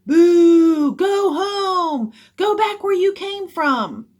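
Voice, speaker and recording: A woman voicing angry adult hecklers who yell harsh, mean jeers from the stands. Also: very high-pitched, lively intonation, drawn-out words, voice pushed up, heavily acted. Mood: jeering. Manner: harsh, jeering shouts.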